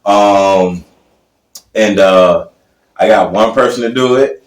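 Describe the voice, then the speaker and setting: A man with a very low voice tells personal stories at an easy, wandering pace, circling back to restart his thoughts. The room has a noticeable echo. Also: slow pace. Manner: rambling, many fillers and restarts. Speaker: podcast co-host, contractor. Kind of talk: casual podcast chat. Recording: echoey room.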